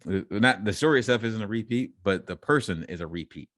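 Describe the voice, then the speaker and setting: A man's voice: lowish voice, expressive, fairly quick, a bit bright, dry recording, studio quality. A man co-hosting a casual podcast, reading news stories aloud and joking and laughing between them. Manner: reads headlines, then riffs and laughs between lines. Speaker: podcast co-host.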